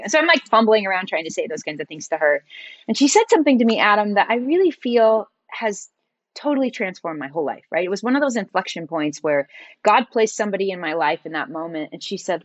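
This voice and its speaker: A middle-aged woman, a podcast guest, telling her story in a lively conversational way. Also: medium pitch, a little fast, no room sound, lo-fi sound. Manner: animated, acts out quoted dialogue in her stories. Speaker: podcast guest, entrepreneur and designer.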